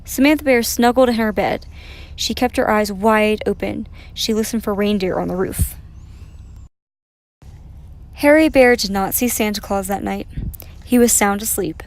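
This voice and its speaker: A woman reading a children's picture book aloud in a gentle, expressive way. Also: medium pitch, normal speed, pauses often. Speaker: storyteller. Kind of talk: children's story read aloud.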